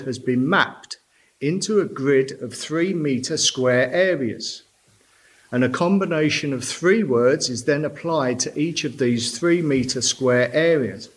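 A man preaching a sermon from a church pulpit, slow and deliberate, stressing key words. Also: fairly high pitch.

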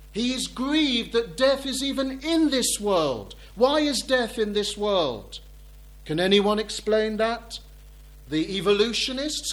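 Slow, high-voiced male preacher. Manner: slow, deliberate preaching with emphatic repetition; reads scripture in old-fashioned wording. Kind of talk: sermon.

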